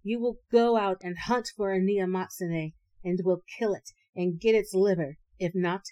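A woman's voice: medium pitch, moderate pace, dark tone, no echo, lightly acted. A woman voicing a demanding wife who speaks in an insistent, emphatic way.

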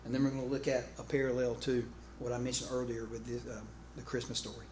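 A man preaching a sermon in an animated, conversational way, often restarting phrases and calling out to his congregation. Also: medium pitch, quick pace, few pauses. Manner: calls out to the congregation. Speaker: pastor. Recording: echoey room with faint background noise.

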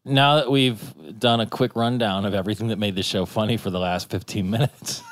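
A man's voice: on the low side, fairly even intonation, a little fast. A man hosting a casual podcast chat, wry, steering the talk and asking the others questions. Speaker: podcast host.

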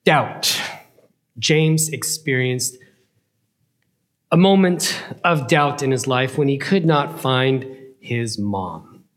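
A man telling a playful story as a children's Bible lesson, with a lively, chuckling delivery. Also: mid-range voice, takes it slowly, long pauses.

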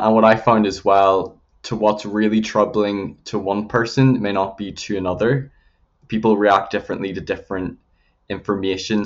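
Low-voiced Northern Irish man. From Northern Ireland. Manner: earnest, measured, frequent fillers. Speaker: guest, YouTube channel creator. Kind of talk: casual interview conversation. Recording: slightly dull lo-fi audio.

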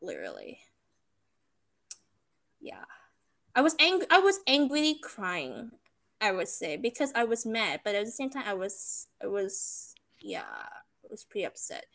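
Animated young woman. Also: medium pitch, unhurried, creaky, long pauses. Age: young adult. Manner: animated, emotional retelling. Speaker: storyteller. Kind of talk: casual chat.

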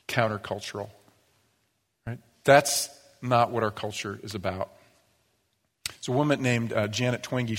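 A pastor giving a sermon, telling stories in a lively, conversational way. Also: male voice, mid-range voice. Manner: storytelling, animated, acts out quoted voices. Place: church sanctuary. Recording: long church reverb.

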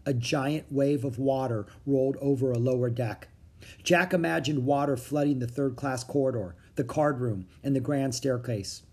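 A reader narrating a children's book in a steady storytelling manner. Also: mid-range voice, normal speed, slightly rough. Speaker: audiobook reader.

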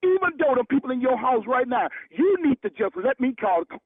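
A man's voice: very high-pitched, very animated, fairly quick, slightly rough, no room sound. A man on a phone call, blunt and exasperated, swearing and repeating himself. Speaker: prank call target. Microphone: telephone. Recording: tinny dry phone line.

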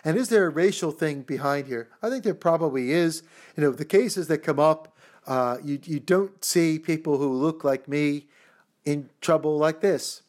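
Male interview guest, fairly high voice, animated and rambling, mock-quotes others. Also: normal speed. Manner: many fillers and restarts. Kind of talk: conversational interview answers.

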